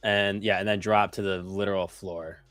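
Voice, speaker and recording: Casting: young male trading co-host, low voice, swears and jokes, dry close mic, faint music. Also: little pitch movement, moderate pace, a bit bright, no echo. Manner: swearing, joking, trader slang. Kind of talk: casual live trading chat.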